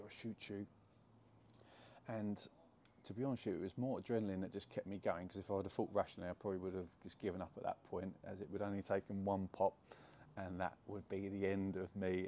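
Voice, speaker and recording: A man's voice: deep voice, warm tone, slight background noise. A young man telling a personal story to camera in a casual, chatty way, full of fillers and restarts. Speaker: jiu-jitsu gym owner telling a story.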